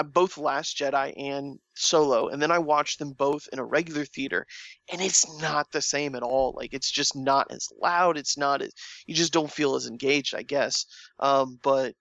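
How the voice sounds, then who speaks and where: A man's voice: medium pitch, vocal fry, fairly bright tone, no echo, highs cut off. A man in casual conversation, rambling and restarting his sentences with lots of fillers. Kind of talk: casual chat.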